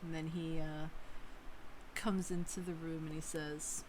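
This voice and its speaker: A woman narrating as game master in a relaxed, hesitant way with many fillers. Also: sits low, a little slow, slight background noise, low-quality recording.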